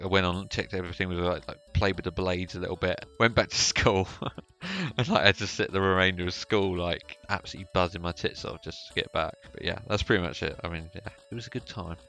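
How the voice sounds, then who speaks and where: A man's voice: deep voice, sharp tone. A young British man telling a story in easygoing podcast chat, laughing often. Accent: British English. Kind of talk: casual chat.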